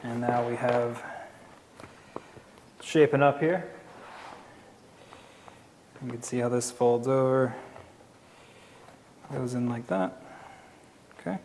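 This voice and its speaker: A man with a Philadelphia accent giving a relaxed, step-by-step crafting tutorial while he works. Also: mid-range voice, slow, pauses often, big-room sound, a little hiss or hum. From Philadelphia area. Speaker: leathercraft instructor. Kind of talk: casual how-to tutorial.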